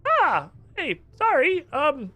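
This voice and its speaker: A man voicing an excitable, bossy tutor stranded underwater, in a squeaky, put-on voice. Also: slow pace, dry recording, heavily acted. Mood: chirpy.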